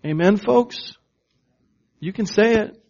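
A man preaching a sermon at an unhurried, deliberate pace, leaning hard on key words and pausing for the congregation. His voice sits a little high for a man, and the recording sounds dull and lo-fi. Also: gravelly, darkish tone. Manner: slow, emphatic preaching with call-and-response questions. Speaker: pastor.

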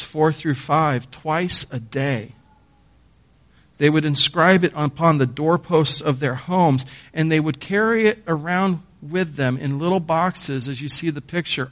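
Pastor guy preaching, voice a bit on the high side, reads verses then explains them, stresses words with pauses. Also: fairly bright tone. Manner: occasional repeated words when explaining. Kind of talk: sermon.

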